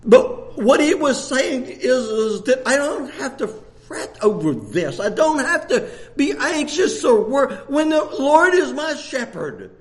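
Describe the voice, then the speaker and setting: A man, preaching a sermon with impassioned, repeated emphasis that rises to shouts. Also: very high voice, big pitch swings, takes it slowly. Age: 60s. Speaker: pastor.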